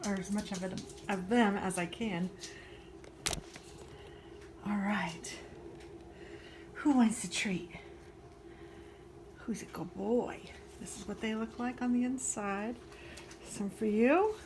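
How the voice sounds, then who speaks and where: A woman chatting casually at home in her kitchen as she bakes, cooing sweetly to her dogs. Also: mid-range voice. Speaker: home baking and crafting vlogger. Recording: noisy, with clattering dishes and clicks.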